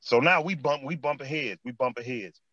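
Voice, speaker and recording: Animated Chicago man telling street stories. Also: mid-range voice, moderate pace, dry recording, lo-fi sound. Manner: animated street storytelling, repeats phrases and says "man" often. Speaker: former basketball player, guest. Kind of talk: storytelling interview chat.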